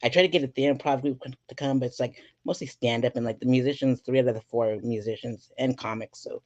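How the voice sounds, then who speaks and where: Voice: mid-range voice, steady tone, quick pace, a little mellow, dull audio. A podcast host chatting casually, giggling and rambling with lots of fillers. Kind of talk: casual interview chat.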